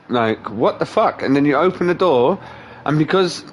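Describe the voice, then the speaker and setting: A man's voice: a little high, animated, normal speed. A young man, a livestream host, telling stories in casual chat, laughing often and swearing freely. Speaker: streamer host.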